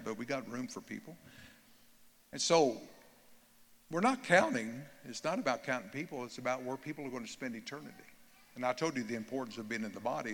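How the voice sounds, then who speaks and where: A man's voice: mid-range voice, vocal fry, a bit bright. A man, preaching a fervent sermon and pressing the congregation with repeated questions. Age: 70s. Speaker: pastor. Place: church sanctuary. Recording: long hall reverb, faint music.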